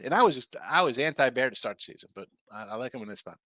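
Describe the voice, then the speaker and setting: A man hosting a live sports betting show, chatting fast and casually while reading viewer comments aloud. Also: a little high, very animated, fairly bright tone, no echo. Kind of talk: casual live-stream chat.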